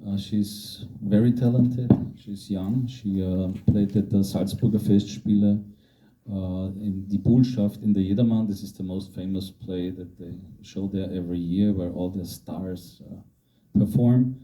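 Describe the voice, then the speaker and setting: A man with a low, very dark voice. He is the film's director, taking questions after a screening and speaking in a measured way with frequent pauses. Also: steady tone, rough recording. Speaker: film director. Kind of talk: post-screening Q&A answers.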